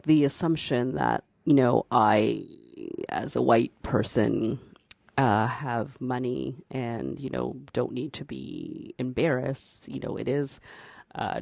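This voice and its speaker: With a mid-range, gravelly, darkish voice, a podcast host rambles casually through a personal story, leaning hard on "like" and "you know" and laughing often. The studio recording is clean, with no echo.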